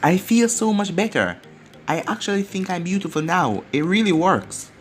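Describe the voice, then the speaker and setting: A man voicing a shy, gentle teenage girl ninja who speaks timidly and softly, over faint music. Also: high-pitched, very animated, moderate pace, a little hiss or hum. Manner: timid, soft-spoken.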